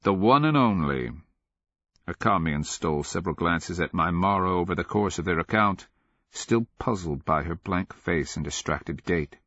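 A man giving steady, measured scripted narration of a fantasy audiobook, on a dull lo-fi recording. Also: low voice, husky, dry recording.

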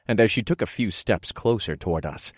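Deep-voiced man narrating an audiobook. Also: expressive, brisk, no echo, clean studio sound. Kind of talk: first-person audiobook narration.

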